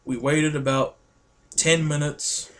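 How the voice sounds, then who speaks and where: A man vlogging to camera, telling a story excitedly and rambling, often calling his viewers guys. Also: fairly high pitch, takes it slowly.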